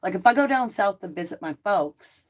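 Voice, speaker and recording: A woman's voice: mid-range voice, moderate pace. A middle-aged woman with a mixed Southern and Northern American accent, hosting a casual live chat and answering viewer comments. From Southern United States. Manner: chatty and animated, laughing easily. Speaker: live stream host.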